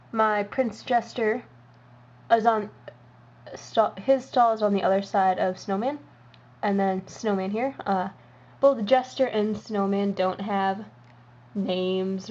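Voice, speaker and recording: Slow, rambling young woman giving a tour. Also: medium pitch, a little mellow. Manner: rambling with many ums and uhs. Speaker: model horse hobby vlogger. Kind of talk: casual show-and-tell tour. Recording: dull lo-fi home recording with faint hiss.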